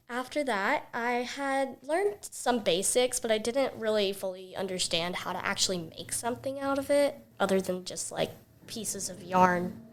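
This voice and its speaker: A teenage girl, a guest on a talk show, chatting casually and acting out the voices of the people in her story. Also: medium pitch. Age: teens. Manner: chatty, acts out quoted voices, many "like"s.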